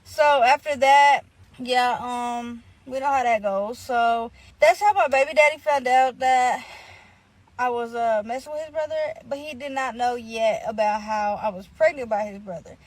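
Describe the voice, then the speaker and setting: A woman's voice: on the high side, measured pace, poor audio. A woman casually telling a personal story, rambling with many fillers and acting out what others said. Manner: rambling, full of "like" fillers, acts out quoted dialogue. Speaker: storyteller in a played clip.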